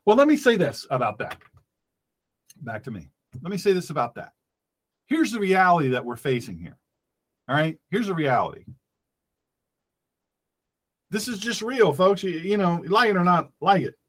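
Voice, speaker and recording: A man's voice: high voice, big pitch swings, normal speed, pauses often. A man, a pastor hosting an online show, giving emphatic commentary that repeats its points and calls the listeners folks. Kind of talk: animated political commentary.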